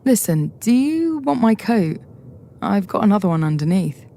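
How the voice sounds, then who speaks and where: A woman's voice: medium pitch, sing-song, normal speed, mellow, slight background noise, voice pushed up. A woman reading the part of a nervous, eager young man who stumbles over his words.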